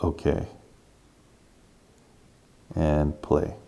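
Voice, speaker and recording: A man's voice: very deep voice, little pitch movement, extremely slow, creaky, mellow. A man casually talking viewers through a gadget review and setup, step by step with enthusiasm. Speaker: tech reviewer.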